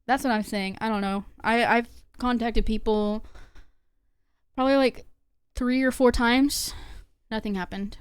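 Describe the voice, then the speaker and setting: Smooth-voiced young woman streaming. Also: fairly high pitch, fairly even intonation, a little slow, no echo. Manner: rambling, lots of fillers and restarts. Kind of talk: casual livestream talk to chat.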